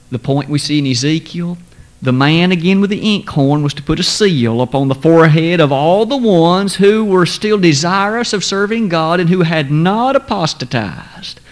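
Preacher, male, slightly high voice, measured and emphatic sermon delivery.

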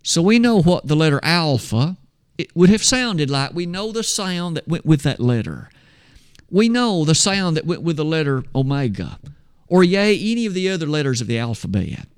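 A man teaching a Bible lesson from slides, explaining things in a measured way and speaking to his listeners as "you and I". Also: fairly high pitch, very animated, clear, resonant tone.

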